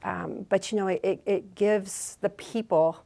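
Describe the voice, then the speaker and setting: A woman being interviewed as a business executive, telling stories in a lively conversational way, often restarting and adding fillers. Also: medium pitch, unhurried, vocal fry. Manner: animated, acts out quoted dialogue, many fillers and restarts. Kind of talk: conversational storytelling.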